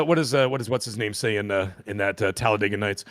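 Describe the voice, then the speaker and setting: A man in his fifties, hoarse from a lost voice, telling a rambling, animated story as a podcast co-host. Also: on the low side, fast, few pauses, no room sound. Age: 50s. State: hoarse, recovering voice. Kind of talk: casual chat.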